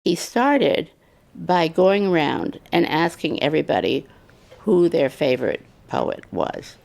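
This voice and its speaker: Woman interviewee, vivid storyteller, gravelly texture. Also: low voice, sing-song, unhurried, a little mellow. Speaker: interviewee, former student. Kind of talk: anecdotal storytelling.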